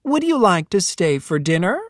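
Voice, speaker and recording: A man voicing a cheerful woman teacher, married to a swamp monster, speaking sweetly and calmly in a storybook reading. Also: high voice, moderate pace, no room sound, studio quality, pitched above the performer's own voice.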